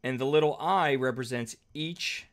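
A man's voice: medium pitch, moderate pace, a bit bright. Casual man lecturing on math. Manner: conversational, checks in with "okay?" often, fillers. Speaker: math teacher. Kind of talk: whiteboard lecture.

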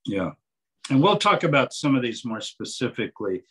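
Speaking at a moderate pace with a medium-pitched voice, an older man is the guest in a conversational interview. An author and translator, he discusses his work with animation, using examples and quoting passages aloud.

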